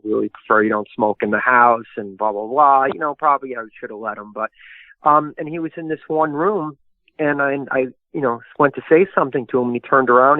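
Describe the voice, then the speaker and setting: A man's voice: mid-range voice, dry recording. A man, a historian and author, telling long rambling anecdotes in a casual interview, full of fillers. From New York area. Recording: tinny phone-like line, dry.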